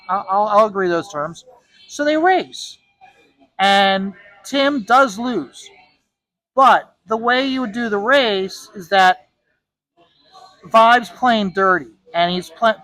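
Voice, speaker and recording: Rambling, high-voiced man telling a story. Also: fairly bright tone, no echo, rough recording. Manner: rambling, with frequent restarts and repeated words. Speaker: comic artist. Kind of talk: casual storytelling while drawing.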